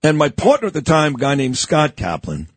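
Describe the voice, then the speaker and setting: Male radio host, lively, husky, chatty, dry studio sound. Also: on the high side, a little fast, dry recording. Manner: animated, chatty, confessional. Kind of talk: casual radio interview. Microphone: studio microphone.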